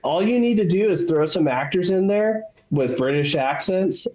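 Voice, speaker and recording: A man co-hosts a laid-back movie podcast, cracking jokes and swearing freely. His voice sits a little high, and his mic picks up a noticeably echoey room. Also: lively intonation, moderate pace, a little mellow. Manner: blunt, swears a lot, jokey. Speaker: podcast co-host. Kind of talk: casual chat about movies.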